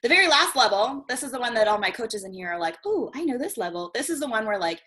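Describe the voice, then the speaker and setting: A woman's voice: on the high side, lively intonation, fast talker, pushed and bright. Chatty woman teaching an online workshop. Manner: chatty, swears casually, checks in with "okay?" often. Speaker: guest marketing coach.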